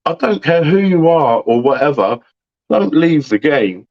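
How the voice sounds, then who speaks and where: A heated caller vents down a muffled line. His voice is a little high and swings widely in pitch as he repeats his complaints. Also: very animated, measured pace, no echo. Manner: fired-up, swearing, repeating himself. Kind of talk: heated phone-in call.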